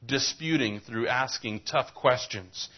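A man's voice: mid-range voice, takes it slowly, lo-fi sound. A man preaching a sermon as a pastor, reading scripture and telling folksy jokes.

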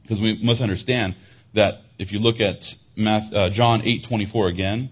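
Man, preacher, sermon, low husky voice, Bible teaching, lo-fi dull audio. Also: steady tone, moderate pace. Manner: expository Bible teaching, explaining Hebrew words; rises in pitch and volume for emphasis. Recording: dull lo-fi sound.

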